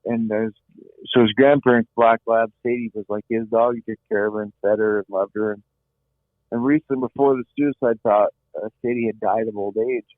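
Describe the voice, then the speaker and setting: A man's voice: fairly low pitch, fairly even intonation, a little fast, dry recording. Earnest man on a tinny phone line. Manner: earnest, repeats words as he searches for them. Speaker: guest. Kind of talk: emotional personal storytelling.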